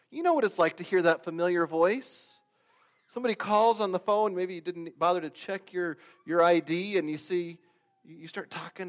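A man preaching a sermon, swinging from loud emphatic peaks to quiet asides and acting out the stories he tells. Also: a little high. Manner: acts out quoted voices and stories. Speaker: pastor.

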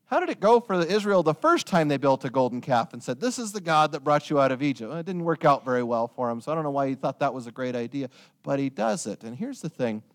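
A man preaches a sermon with a lively, storytelling manner. His voice sits a little high and swings widely in pitch. He tosses joking asides to his listeners. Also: fast.

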